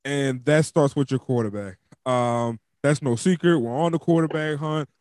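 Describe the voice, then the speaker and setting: A man's voice: moderate pace, darkish tone, no echo, clean studio sound. A man hosting a casual sports podcast, chatty and loose, laughing and filling with "um" and "like". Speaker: podcast host. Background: dog squeaking a toy.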